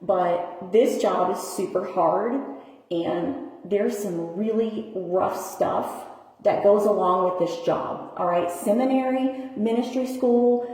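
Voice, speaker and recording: In a homeless shelter's bathroom, a woman shelter worker gives an earnest, near-tearful personal testimony that turns into preaching. She speaks slowly at medium pitch with a somewhat mellow voice, echoing off the tiled walls.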